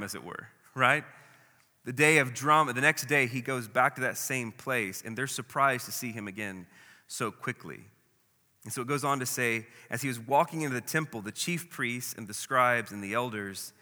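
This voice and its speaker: A man's voice: mid-range voice, pushed and bright. A man preaching a sermon as a pastor, dramatic, acting out the voices of the people in the story. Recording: long hall reverb.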